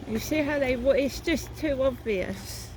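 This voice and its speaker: A woman's voice: high voice, unhurried, darkish tone, a little hiss or hum, low-quality recording. A woman narrating a walking vlog outdoors, talking in a rambling, repetitive, suspicious way. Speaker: vlogger. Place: outdoors, walking through a town.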